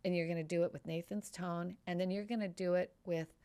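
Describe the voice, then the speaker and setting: A woman hosting a podcast and lawyer who tells a courtroom story in an animated, storytelling way. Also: lowish voice, a little fast, clean tone. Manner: animated, storytelling, reenacts quotes. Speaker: podcast host and trial lawyer. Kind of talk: casual podcast conversation.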